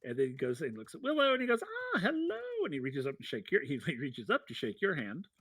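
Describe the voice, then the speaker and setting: A man's voice: medium pitch, huge pitch swings, quick pace, a bit bright, slightly rough, no room sound. A man narrating a tabletop game as game master, chatty, laughing often and full of fillers.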